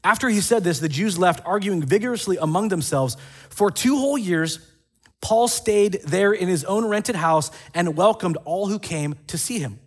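A man preaching a casual sermon, retelling scripture stories in an animated way with quick asides. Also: high voice. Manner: animated storytelling with acted quotes and asides. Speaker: pastor.

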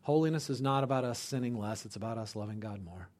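A man preaching a sermon to his church, addressing the congregation directly as "you guys". He swings from loud, emphatic lines to hushed, almost whispered ones. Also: medium pitch, fast. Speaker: pastor.

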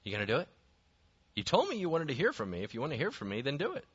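God, as a preacher voices him, low and coaxing. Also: male voice, huge pitch swings, racing, breathy edge, highs cut off, heavily acted. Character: God, calm, coaxing, gently insistent.

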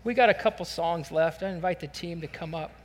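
A man preaching a sermon at a church service, earnest and animated, acting out prayers in the first person. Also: on the high side, brisk, big-room sound. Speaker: pastor.

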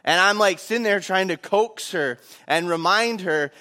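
A young man, a pastor, telling a lively personal story in a sermon and acting out what was said. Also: high voice, moderate pace, few pauses. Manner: animated, acts out quotes.

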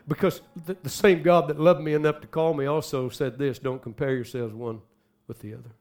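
A man preaching a sermon, swinging dramatically from hushed, slow phrases to loud bursts. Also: a little high, steady tone. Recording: faint music behind.

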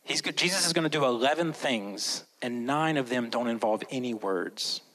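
A man preaching a sermon as a pastor, swinging between loud, emphatic lines and hushed, slow ones. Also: mid-range voice, expressive, low-quality recording. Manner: slows down and whispers for emphasis.

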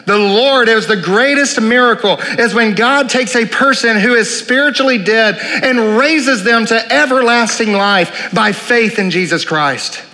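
High, bright-voiced preacher in a reverberant hall. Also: male voice, a little slow, few pauses. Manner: earnest preaching, repeats and asks rhetorical questions. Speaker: pastor. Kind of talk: sermon.

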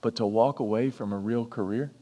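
A man's voice: lowish voice, brisk, mellow. Man preaching, repeating lines, in a hall. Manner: repeats lines for emphasis, chatty asides. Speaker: pastor. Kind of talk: sermon.

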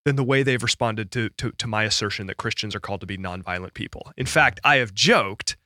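A man's voice: lowish voice, a little fast, bright, forceful tone, no room sound, clean studio sound. A man who is a pastor and podcast co-host, talking thoughtfully in a casual discussion, with frequent restarts and laughter.

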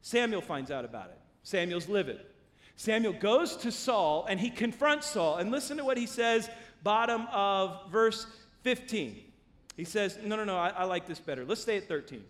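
A male pastor preaching a sermon in a church, telling stories in an animated way and acting out quotes. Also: high voice, moderate pace. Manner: animated storytelling, acts out quotes. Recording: long hall reverb.

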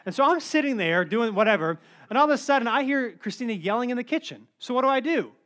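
A man in his thirties preaching a sermon, telling funny stories in an animated, joking way. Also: extremely high pitch, fast. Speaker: pastor.

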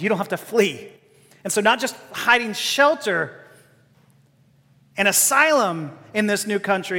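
A man's voice: sits high, expressive, a little slow, pushed and bright. A man preaching a sermon in an earnest, impassioned way, building to emphatic declarations. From Texas. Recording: long hall reverb.

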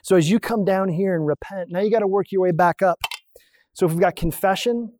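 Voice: mid-range voice, fairly quick, a little mellow, slight background noise. A pastor giving a conversational sermon, explaining points on a drawn diagram and asking the listeners rhetorical questions.

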